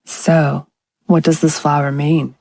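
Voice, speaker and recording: Woman reading as quiet masked husband, calm, low voice, dry close sound. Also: slow, gravelly, no echo, exaggerated voice.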